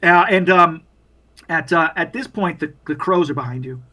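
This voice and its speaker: A man's voice: a little high, normal speed, bright, forceful tone. A young man narrating a horror tabletop game as game master, in a loose, profane, filler-heavy way.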